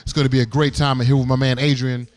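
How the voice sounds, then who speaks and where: A man's voice: mid-range voice, level tone, quick pace, a little mellow, no room sound. A man hosting a live radio show from a gallery event, playful and hyped, repeating his lines and teasing his guests. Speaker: host.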